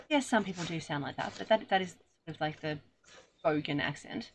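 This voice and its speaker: A woman's voice: low voice, animated, fairly quick, a little hiss or hum. Rambling Australian woman joking around. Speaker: podcast co-host. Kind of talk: casual comedic chat.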